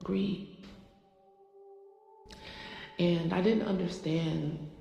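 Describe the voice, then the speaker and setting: A woman's voice: fairly low pitch, fairly even intonation, slow, vocal fry, dark tone, muffled recording. A woman in her forties, a spiritual channeler, talking casually and rambling with many fillers. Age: 40s. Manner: rambling, filler-heavy, self-conscious. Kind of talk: casual confessional talk. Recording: echoey room, long reverb, faint music.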